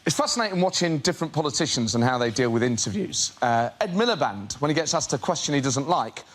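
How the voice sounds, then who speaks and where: A man doing a stand-up routine on a panel show, telling stories in an animated way. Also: medium pitch, quick pace. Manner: animated storytelling with impressions. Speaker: comedian.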